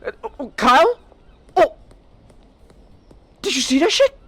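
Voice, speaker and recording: A man hosting a live stream, chatting casually and excitably while gaming, swearing freely. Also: very high-pitched, unhurried, no room sound. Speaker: streamer and podcast host.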